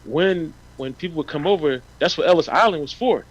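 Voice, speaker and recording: A man's voice: fairly high pitch, fairly quick, muffled recording. A man co-hosting a casual chat, agreeing often and adding his own points. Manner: agreeable, backs up with frequent yeahs.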